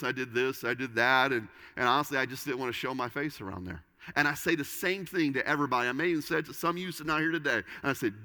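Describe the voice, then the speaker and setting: Bright-voiced preacher man in a hall. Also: medium pitch. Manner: dramatic storytelling, swinging from loud to hushed. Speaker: pastor. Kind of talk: sermon. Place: church sanctuary with an audience.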